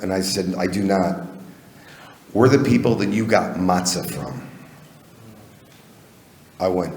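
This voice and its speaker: A man's voice: fairly low pitch, expressive, unhurried, long pauses, darkish tone. Man telling a story on a reverberant stage. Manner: conversational, acts out quoted voices in dialogue. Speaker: storyteller at a community event. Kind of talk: live personal storytelling on stage. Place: event hall with audience. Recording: roomy hall with long reverb.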